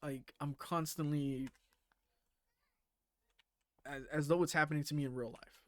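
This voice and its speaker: Rambling man with a slightly high voice. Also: fairly even intonation, a little slow, a bit bright, no echo. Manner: rambling, casual swearing, lots of fillers. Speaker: streamer. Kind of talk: casual chat while playing a game.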